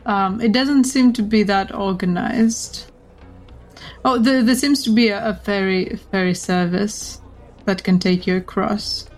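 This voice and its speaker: A woman narrating a tabletop role-playing game as game master, measured and given to laughing. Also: medium pitch, steady tone, soft background music.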